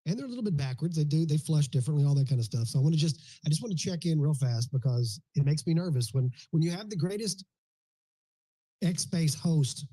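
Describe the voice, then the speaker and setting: A man's voice: fairly high pitch, warm tone, rough recording. A man hosting a live online audio chat, joking and teasing his co-hosts and guests. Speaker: host.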